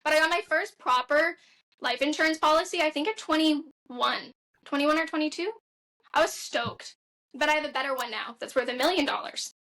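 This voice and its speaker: High bright-voiced blunt young woman. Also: normal speed. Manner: blunt, profane storyteller. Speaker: podcast guest. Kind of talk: casual podcast chat.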